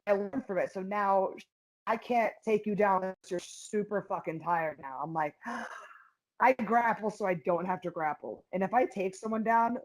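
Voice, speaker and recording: A young woman talks in a blunt, profane and animated way. She is from Philadelphia and speaks as an interview guest, telling stories in a loose, casual way. Her voice sits at an ordinary middle pitch. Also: rough recording. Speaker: MMA fighter, guest.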